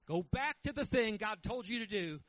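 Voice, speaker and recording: A man preaching a sermon, telling a story in a folksy, animated way. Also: high-pitched, moderate pace, no room sound, dull audio. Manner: animated, folksy, with quoted voices.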